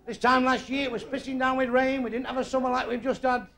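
A man's voice: very high voice, flat delivery, a bit bright. Brash Northern English stand-up man. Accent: Northern English, Manchester. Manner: crude, brash joke-telling with quick asides. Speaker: stand-up comedian. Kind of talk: stand-up comedy routine. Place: live club or theatre stage. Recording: roomy live venue with crowd. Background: audience laughter.

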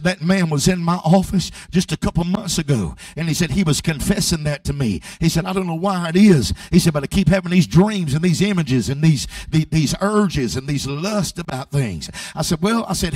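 Brief: male evangelist, high voice, stammering restarts, sung shouting peaks, distant dry mic. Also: animated, normal speed, few pauses, no echo. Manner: swings from quiet storytelling to loud sung shouting; repeats words and restarts often. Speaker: evangelist preacher. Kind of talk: sermon with storytelling.

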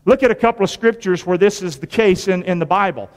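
A man's voice: sits high, fast. A male pastor preaching a sermon, quizzing his congregation and repeating phrases for emphasis in a folksy way. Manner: call-and-response preaching, asking the congregation questions; folksy, repetitive emphasis with sudden rises and drops. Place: church. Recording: long hall reverb from church sanctuary.

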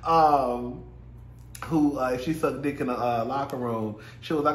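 A man's voice: mid-range voice, unhurried, echoey room, slight background noise. A man casually recapping a reality show, sassy and profane, laughing often and mimicking the cast. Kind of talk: casual chat.

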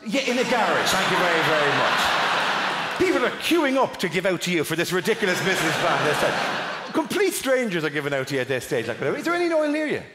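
A man's voice: sits high, big pitch swings, a little fast, heavy background noise. A man with an Irish accent doing live stand-up crowd work, swearing and incredulous. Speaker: stand-up comedian. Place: large theatre stage. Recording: echoey theatre with long reverb. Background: audience ambience.

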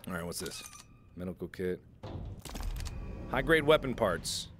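A man in his twenties playing a game and chatting jokily with his viewers in an excitable way. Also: deep voice, a little slow, faint music behind. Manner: excitable, jokey, talks to viewers. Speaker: gaming host. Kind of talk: let's play commentary.

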